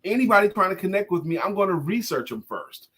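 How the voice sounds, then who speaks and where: A man's voice: high-pitched, very animated, fast, a bit bright, breathy edge. A man co-hosting a live coaching talk show, talking in a casual, playful and emphatic way. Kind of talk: casual live-stream chat.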